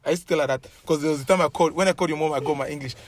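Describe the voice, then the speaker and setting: A man's voice: on the high side, very fast. A man in casual chat, talking earnestly and repeating himself as he drives a point home.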